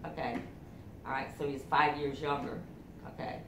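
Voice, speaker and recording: A middle-aged woman telling family memories in a halting, casual way, full of fillers and acted-out quotes. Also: sits low, level tone, a bit bright, echoey room, a little hiss or hum.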